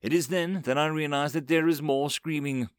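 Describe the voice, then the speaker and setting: A man's voice: on the high side, steady tone, moderate pace, clean tone, dry recording, clean studio sound. A man reading a dramatic story aloud as narrator.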